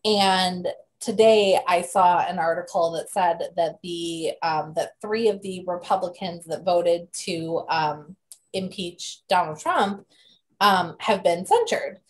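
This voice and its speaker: A woman's voice: fairly low pitch, slow. A young woman from the United States co-hosting a podcast, chatting casually with frequent laughs and fillers. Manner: chatty, giggly, lots of fillers. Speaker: podcast co-host. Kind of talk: casual chat.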